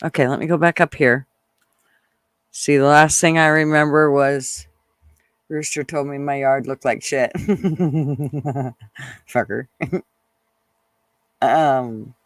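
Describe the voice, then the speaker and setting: A woman hosting a casual livestream, chatting excitedly and laughing often as she reads viewers' comments. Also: deep voice, takes it slowly, long pauses, dry recording. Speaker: channel host reading live chat.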